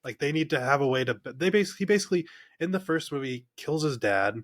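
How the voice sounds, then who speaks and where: A man's voice: fairly high pitch, expressive, brisk, no echo, studio quality. A man co-hosting a podcast, arguing his point in casual chat with a contrarian manner. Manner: argumentative, contrarian. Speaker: podcast co-host.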